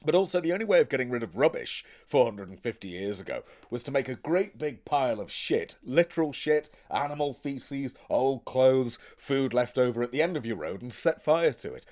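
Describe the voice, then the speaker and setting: Animated man, lively pitch. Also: fairly quick, few pauses. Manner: animated, blunt and profane. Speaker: actor. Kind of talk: casual podcast chat.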